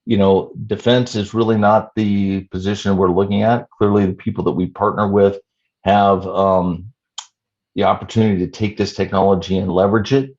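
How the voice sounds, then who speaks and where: A man in his fifties, a startup CEO answering interview questions in a measured way with many "you know" fillers. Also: fairly low pitch, level tone, a little mellow, lo-fi sound. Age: 50s.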